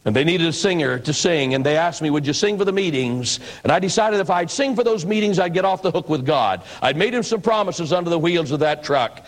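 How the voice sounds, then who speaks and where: An older preacher from the American Northwest recounts his testimony in a folksy, storytelling way. His voice sits a little higher than most men's. He acts out the people in his story as he talks. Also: lively intonation, brisk, hardly any pauses, poor audio. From northwestern United States. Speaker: pastor and evangelist. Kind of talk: personal testimony sermon.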